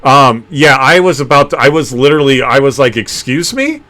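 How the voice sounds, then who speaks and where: A man hosting a casual streamed podcast, telling animated stories, swearing freely and laughing often. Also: medium pitch, a little fast. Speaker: podcast host. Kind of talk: casual livestream podcast chat.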